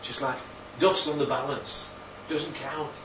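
A man preaching a sermon, animated and full of rhetorical questions, his voice leaping up for emphasis. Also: medium pitch, measured pace, noisy background. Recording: roomy, distant, dull sound with faint ambience.

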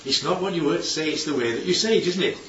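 A man's voice: a little high, lively intonation, fast, a bit bright. A man preaching in a chatty, conversational way, his voice rising and falling widely as he keeps asking the congregation rhetorical questions. He sits far from the mic in an echoey church hall, and the sound is somewhat dull with faint background noise. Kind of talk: conversational sermon.

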